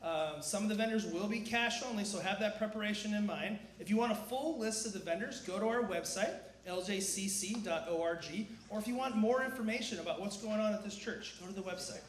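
Energetic man giving church announcements. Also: high voice, a little fast, few pauses, slight background noise. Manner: energetic, asks the crowd questions. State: getting over a cough. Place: large church sanctuary. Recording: echoey sanctuary, faint ambience.

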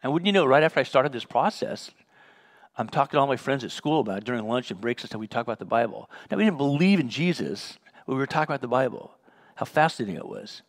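Teaching a Bible study in a conversational way, this man speaks at a quick pace with a mid-range voice and lively intonation. He relates personal stories, acting out the conversations and chuckling.

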